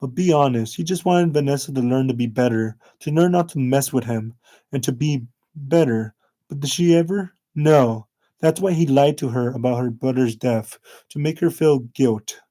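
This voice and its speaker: A man voicing a cruel, bitter middle-aged father confessing revenge in a low, brooding way. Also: moderate pace, dark tone, close to an everyday voice.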